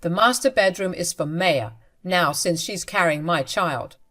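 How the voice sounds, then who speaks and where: Woman reading as a bossy angry husband, loud and commanding, fairly low voice. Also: animated, unhurried. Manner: harsh and commanding. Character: angry controlling husband, adult man.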